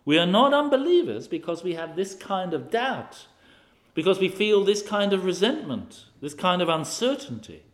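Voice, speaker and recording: Male preacher, lively expository sermon, somewhat high voice, rhetorical questions. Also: normal speed.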